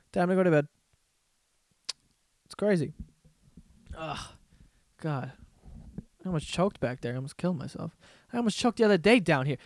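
Young male podcast host, loose profane storyteller, slightly high voice, dry mic. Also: dry recording. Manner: profane, rambling storyteller with frequent laughs. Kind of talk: casual solo comedy podcast rant.

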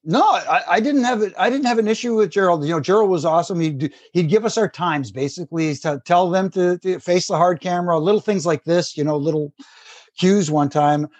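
A man's voice: sits high, fairly quick, a little mellow, no room sound. A man, a former wrestling referee, telling casual stories with restarts and laughter. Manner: rambling anecdotes with restarts and laughter. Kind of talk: casual storytelling.

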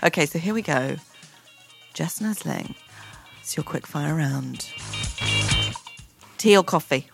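A woman hosting a casual podcast chat, playful and quick to laugh, asking her guest questions. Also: low-pitched, lively intonation, vocal fry, over loud music. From England. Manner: playful, giggly, jokey. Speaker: podcast host.

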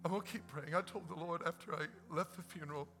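A male pastor preaching a sermon in a church, swinging from hushed to shouted and repeating phrases for emphasis. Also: fairly high pitch, fast talker. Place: church sanctuary. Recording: church hall reverb with faint music.

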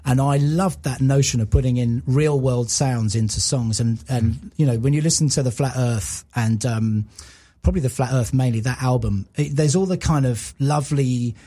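An English man with a husky, slightly breathy voice talks in loose, enthusiastic anecdotes as a podcast guest. He rambles a little, restarts his sentences and pokes fun at himself as a fan. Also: medium pitch, normal speed, hardly any pauses, mellow. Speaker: guest composer. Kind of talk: casual podcast chat, storytelling.

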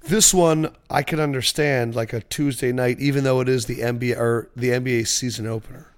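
A young man hosting a casual sports podcast, telling animated stories and swearing freely. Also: medium pitch, brisk.

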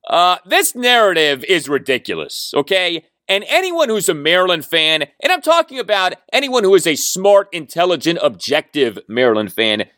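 A man in his forties holds forth as a sports talk host, arguing his point with emphatic, rhetorical force. His voice sits a bit high and leaps up and down in pitch as he presses each point. The sound is dry and close, with no room around it. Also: fairly bright tone, no room sound. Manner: emphatic, argumentative, keeps asking "okay?". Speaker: podcast host. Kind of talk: opinionated sports talk monologue.

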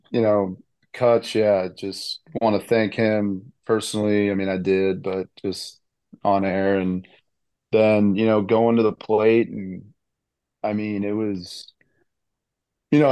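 A man in his thirties with a fairly low voice tells a story in a casual interview, excited and rambling, stacking fillers and restarts. The sound is dry and close, with no room around it. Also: slow, clean tone, no echo. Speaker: baseball player guest.

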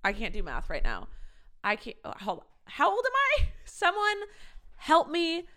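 A woman's voice: high voice, wildly swooping pitch, normal speed, bright, forceful tone. A woman in her thirties hosting a podcast, chatting casually and reading her old diaries aloud, swearing freely and laughing at herself. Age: 30s. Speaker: podcast host.

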